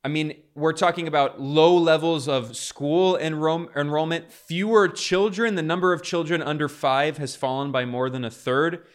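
A man's voice: a little high, moderate pace, hardly any pauses. A man giving fervent political commentary, talking through clips with frequent restarts. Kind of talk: casual commentary over clips.

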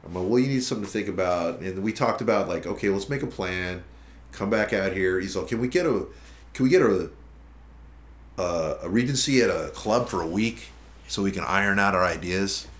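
Deep-voiced and talking a little fast, the musician guest swears freely as he recounts a long story in a casual interview, performing other people's words in an animated way. The recording is reverberant, with slight background noise.

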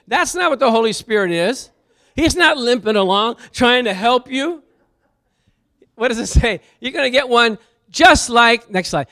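A middle-aged man preaching a sermon, animated and jokey, asking the congregation questions and bursting into loud praise. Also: extremely high pitch. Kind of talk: sermon teaching with slides.

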